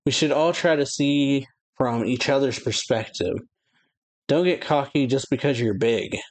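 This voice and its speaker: A man's voice: medium pitch, unhurried, lightly acted. A man reading out the lines of an earnest young male giant who scolds a bully, in his everyday voice.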